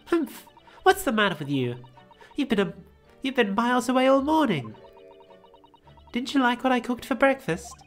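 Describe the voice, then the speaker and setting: A man's voice: very high-pitched, very animated, normal speed, long pauses, faint music behind, voice pushed up. A man voicing a perky, bossy young girl with a put-on British accent, read from a video game. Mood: chirpy.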